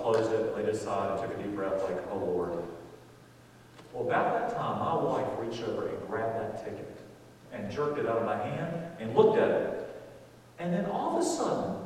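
Animated preacher in an echoey hall. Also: male voice, medium pitch, distant mic, slight background noise. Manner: animated storyteller, swinging from quiet to loud excitement. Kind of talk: sermon storytelling. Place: large church hall.

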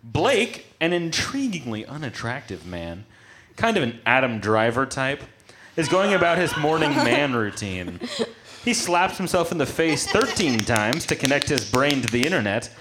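A man's voice: mid-range voice, very animated, moderate pace, a bit bright. A man narrating a comedy scene, amused and often laughing mid-line. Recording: noisy recording.

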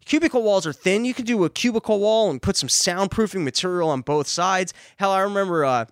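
A man's voice: high voice, animated, fairly quick, dry recording. Rambling profane man, dry close sound. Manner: profane, digressive, self-interrupting. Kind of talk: rambling comedic monologue. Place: in his grandfather's car.

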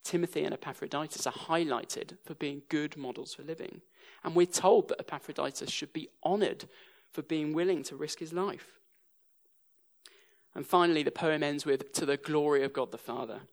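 A man's voice: fairly high pitch, moderate pace, creaky. A young English man preaching a sermon, telling stories with a dry sense of humour. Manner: dry humour woven into storytelling.

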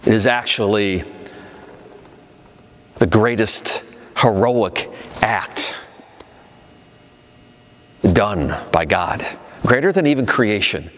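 A male pastor preaching a sermon in a conversational way, his pitch rising and falling for emphasis. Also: animated, slow pace, long pauses, a bit bright, big-room sound.

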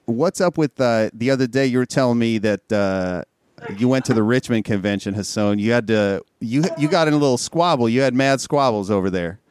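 A man's voice: mid-range voice, a little fast, darkish tone, clean tone. A man hosting a casual chat, joking, laughing often and swearing freely.

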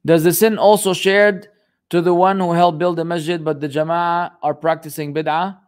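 A man with a fairly high voice runs a casual question-and-answer session. He answers bluntly, often exasperated and joking, and drops Arabic phrases into his talk. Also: little pitch movement, moderate pace, smooth. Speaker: host answering viewer questions. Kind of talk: casual live Q and A.

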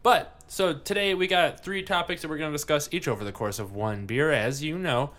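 A man's voice: fairly high pitch, fairly quick, a bit bright. Joking, swearing male podcast host. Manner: rambling, swears, laughs a lot. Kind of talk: casual beer-tasting chat.

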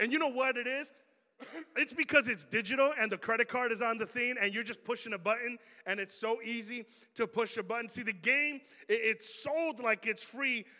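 A young man with a high, bright voice gives a youth sermon in a large hall, and his words ring out with a long echo. He talks in a loose, slangy way and keeps throwing questions at the crowd. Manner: casual and slangy, quizzing the audience. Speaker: youth pastor. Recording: reverberant hall.

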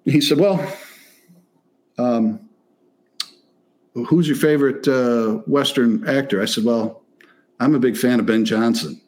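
Profane animated storyteller man. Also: mid-range voice, a little slow, long pauses. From Michigan, near Detroit. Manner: animated, profane, acts out quotes. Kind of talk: casual storytelling chat.

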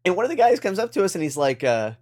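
Young male podcast co-host, a touch high-pitched, loose and rambling, laughs easily. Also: very animated, rapid-fire. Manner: rambling, laughs loudly at punchlines. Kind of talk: casual storytelling chat.

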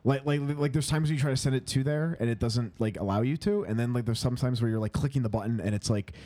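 A podcast co-host chats casually and rambles, full of fillers and restarts. He talks fast in a mid-range voice with a dark tone.

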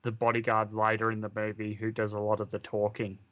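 A man's voice: fairly low pitch, completely flat delivery, fairly quick, fairly bright tone, highs cut off. A man co-hosting a casual podcast, chiming in with short, agreeable replies about a film. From Australia. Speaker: podcast co-host. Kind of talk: casual movie review chat.

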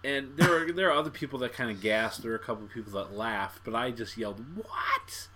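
A man co-hosting a podcast in a casual movie discussion, animated and acting out his own reactions. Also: medium pitch, fast, a little hiss or hum. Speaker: podcast co-host.

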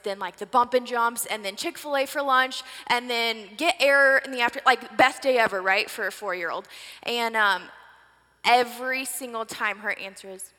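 Bright-voiced chatty woman preaching. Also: on the high side. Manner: chatty, filler-heavy, laughing asides. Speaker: church speaker. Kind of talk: casual sermon talk. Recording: reverberant hall.

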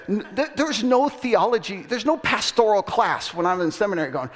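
A male pastor telling a story in a sermon, acting out voices with laughter and animated delivery. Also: high-pitched, brisk. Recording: long hall reverb.

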